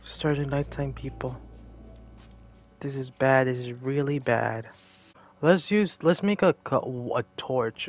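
A man giving casual gameplay commentary, jokey and excitable, talking to himself and to the game's creatures. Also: medium pitch, takes it slowly.

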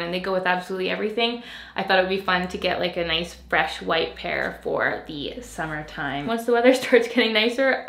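A woman's voice: medium pitch, fairly bright tone. Gushing young woman in a roomy room. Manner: gushing, bubbly, laughs often. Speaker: lifestyle vlogger. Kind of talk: casual haul chat to camera. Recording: roomy echo.

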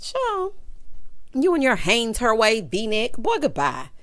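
A woman's voice: on the high side, huge pitch swings, takes it slowly, a bit bright. A woman recapping a reality show in a sassy, casual commentary, constantly calling listeners honey and child.

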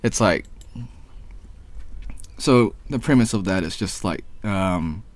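Man, hoarse from the flu, slow unhurried talk, lowish voice, rambling gameplay commentary, throat clearing. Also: expressive, no echo. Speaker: gaming vlogger. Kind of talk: casual commentary over gameplay.

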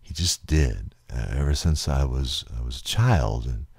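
Very deep-voiced, husky man, halting. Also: lively intonation, darkish tone, no echo, studio quality. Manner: halting, repeats words, emotional and earnest. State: near tears. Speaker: podcast host. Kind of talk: rambling solo podcast monologue.

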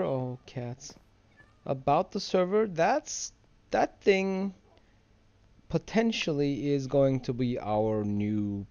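Slow, gravelly man talking gameplay. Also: mid-range voice, dark tone, muffled recording. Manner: rambling, drowsy, easily distracted. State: sleepy, yawning. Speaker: gamer and video host. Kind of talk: casual gameplay commentary.

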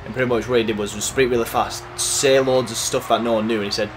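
A man casually commentating his racing gameplay, chatty and excitable, cursing at the game. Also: lowish voice, fast talker, hardly any pauses. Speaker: gaming YouTuber. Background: game music.

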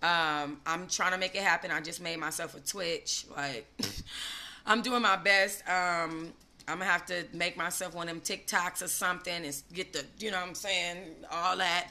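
Bright-voiced animated woman host. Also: moderate pace. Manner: animated and slangy, swinging between loud gushing and low asides. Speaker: gossip channel host. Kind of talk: casual live-stream commentary.

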